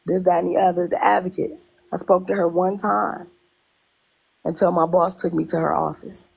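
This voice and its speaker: Brief: woman, lowish gravelly voice, husky, casual storyteller who repeats herself and quotes others. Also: normal speed, poor audio. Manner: animated, retells dialogue in quotes, repeats herself. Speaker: guest telling her story.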